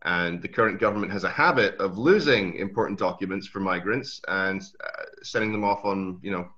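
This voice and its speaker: A young man from Switzerland, a native Swiss German speaker, with an Aberdeen Scottish accent and American traces, chatting as a guest in a relaxed way with many restarts. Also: deep voice, fairly quick. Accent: Aberdeen Scottish mixed with Swiss and American traces. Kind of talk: casual interview chat. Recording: dull lo-fi audio.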